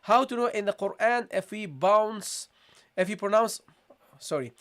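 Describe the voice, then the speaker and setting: This male teacher's voice sits high, a bit bright, with lively intonation. During a live online recitation class he repeats questions to his viewers with patience and models sounds at a slow pace.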